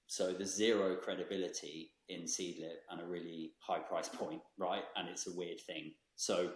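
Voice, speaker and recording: A man, a brand founder speaking as a guest in a podcast interview, thoughtful and measured with frequent ums. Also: sits low, echoey room.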